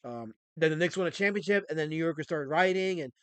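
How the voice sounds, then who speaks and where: A man hosting a casual livestream, voice fairly high and sharply bright. He rambles and rants, restarting sentences as he goes, heard on a dry, close recording. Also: quick pace, clean tone, no room sound. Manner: rambling, ranting, frequent restarts. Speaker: stream host.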